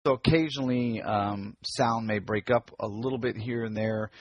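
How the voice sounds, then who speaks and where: Husky, chatty podcast host man. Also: lowish voice, steady tone, moderate pace, highs cut off. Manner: chatty, many fillers and restarts. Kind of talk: casual podcast chat. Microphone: computer mic on a video call.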